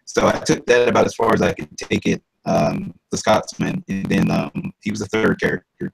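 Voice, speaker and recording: A man's voice: deep voice, normal speed, vocal fry, slightly rough, poor audio. A man who works as a voice-over artist and actor, talking casually in an interview about his characters. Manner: animated, slips into character voices.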